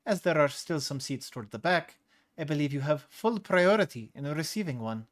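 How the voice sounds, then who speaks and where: A worn-out young woman who has reached her limit, as a male storyteller puts her on. She speaks flat, direct and curt, with cold politeness that turns sharp when pushed. It is a storybook voice kept close to the reader's own. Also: a little high, normal speed, close to an everyday voice. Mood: coldly polite. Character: fierce young female bus rider, fed up.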